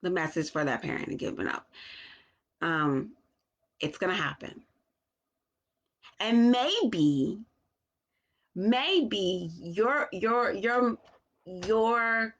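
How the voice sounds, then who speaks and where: A mother talking casually to her viewers, halting often with restarts as she slows down to find her words. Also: fairly low pitch, a bit bright, dull audio. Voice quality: slow, deliberate delivery. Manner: halting, with restarts and long pauses. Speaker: parent vlogger. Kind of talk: casual talk to camera.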